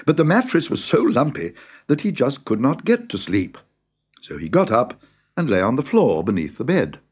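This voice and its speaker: A man reading a fairy tale aloud in an expressive, dramatic way. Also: medium pitch, normal speed, slightly rough. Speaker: narrator. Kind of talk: storybook reading. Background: music.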